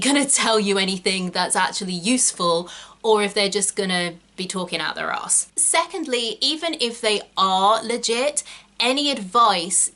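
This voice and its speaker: Young Southern English woman, bright middle-pitched voice, chatty host teaching a casual lesson. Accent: Southern English (Kent, Estuary). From England. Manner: chatty, quick asides and emphatic stress. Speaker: actor and channel host.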